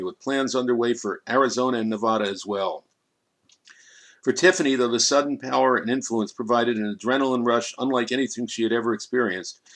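A man reading a crime audiobook in a measured, dramatic storytelling manner. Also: medium pitch, fairly bright tone. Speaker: narrator. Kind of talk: scripted audiobook narration.

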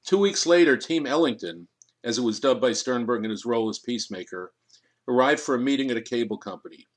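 A man narrating an audiobook, his voice sitting at an everyday middle pitch. He reads the story in a measured, steady way. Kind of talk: scripted narration.

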